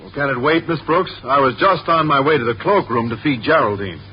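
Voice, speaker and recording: A man's voice: mid-range voice, a little fast, muffled recording. A man playing a shy, earnest biology teacher in a 1950s radio sitcom. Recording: old radio broadcast with hiss.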